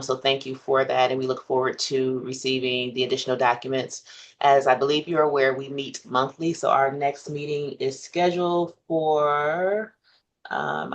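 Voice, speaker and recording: A man chairing a commission meeting, speaking in a measured, formal way with many pauses. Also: medium pitch, lo-fi sound.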